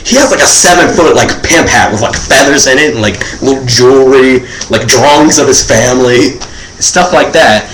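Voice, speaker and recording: A man's voice: mid-range voice, moderate pace, a bit bright, slight background noise. A teenage boy doing a rambling comedic monologue, filling nearly every phrase with "like.". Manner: rambling, filler-heavy, says "like" constantly. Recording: echoey room.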